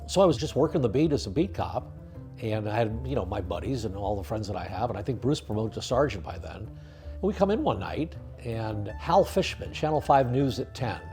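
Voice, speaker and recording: An older man, a retired highway patrol officer, telling stories in an interview in a lively way. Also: a little fast, faint music behind. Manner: lively storyteller, acts out voices in quotes. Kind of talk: storytelling interview.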